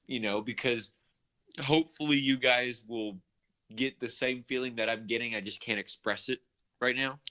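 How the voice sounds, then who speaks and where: A man's voice: mid-range voice, steady tone, moderate pace, pushed and bright. A man co-hosting a music podcast, rambling through his thoughts with many fillers. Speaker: podcast co-host. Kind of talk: casual music discussion.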